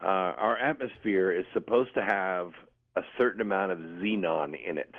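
A man's voice: low voice, moderate pace. A man calling in as a radio guest, explaining things with enthusiasm and the odd filler word. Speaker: guest on a phone line. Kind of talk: radio interview by phone. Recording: tinny phone line.

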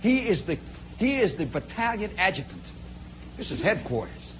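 A man spins a long personal yarn with plenty of drama, his voice sitting high for a man. He swings from loud, punchy bursts to quiet asides and keeps turning to the listener. A faint hiss sits under the voice. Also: sing-song, normal speed, low-quality recording. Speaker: storyteller. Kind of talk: spoken storytelling monologue.

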